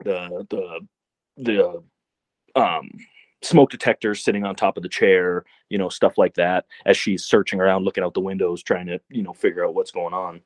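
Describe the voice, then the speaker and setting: Low-voiced man chatting about a film. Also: moderate pace, no echo. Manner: relaxed, rambling, many fillers. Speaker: podcast guest. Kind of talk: casual movie discussion.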